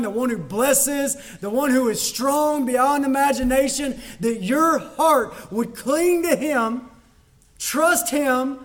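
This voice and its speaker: A man's voice: very high voice, a bit bright. A man preaching a sermon as a pastor, talking conversationally with emphatic repetition.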